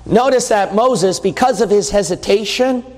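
A man with a high voice preaches a sermon with long reverb trailing each phrase. He sounds emphatic and conversational, hammering his points home through repetition. The sound carries like a church sanctuary. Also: normal speed, darkish tone.

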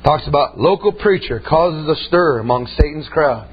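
A man's voice: fairly high pitch, expressive, normal speed, a crowd in the background. A male preacher giving a folksy sermon, telling stories and punctuating them with "amen". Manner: folksy storytelling preaching, repeated "amen" and "man". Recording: dull lo-fi sound with faint hum.

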